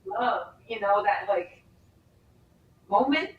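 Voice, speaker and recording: A middle-aged woman from Colombia, guesting on a podcast, earnestly tells stories about her kids with a very lively rise and fall in pitch. She sits away from the mic in a roomy space, with faint noise behind her. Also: slow pace, recorded from a distance, highs cut off. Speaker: guest, company founder. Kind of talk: casual interview chat.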